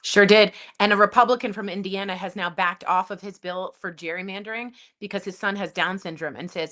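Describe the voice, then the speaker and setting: A woman's voice: mid-range voice, fairly even intonation, a little fast, hardly any pauses, sharp tone. A woman co-hosting a news and comedy podcast, giving emphatic, impassioned opinions in casual chat. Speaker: podcast co-host.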